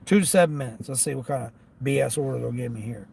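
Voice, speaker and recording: A man who drives for delivery apps, talking casually to his viewers from his car and grumbling as he thinks out loud about the orders he gets. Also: medium pitch, quick pace, vocal fry, a little hiss or hum. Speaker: gig delivery driver vlogger. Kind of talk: casual talk while driving. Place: inside a car.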